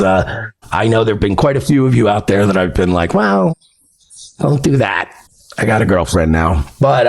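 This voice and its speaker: Gravelly man venting on a livestream. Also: medium pitch. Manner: bitter, venting, swearing freely. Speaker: streamer host. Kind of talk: emotional livestream monologue.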